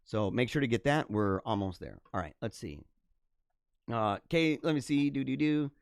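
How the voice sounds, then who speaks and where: A man's voice: fairly low pitch, very animated, moderate pace, no room sound, studio quality. A man hosting a casual livestream, rambling and laughing as he reads comments and mimics voices. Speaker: livestream host.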